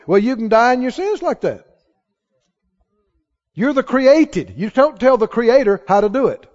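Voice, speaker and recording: A male pastor preaching a sermon to a congregation, emphatic and rising to shouts on key lines. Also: very high voice, sing-song, measured pace, pauses often. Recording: dull sound with long hall reverb.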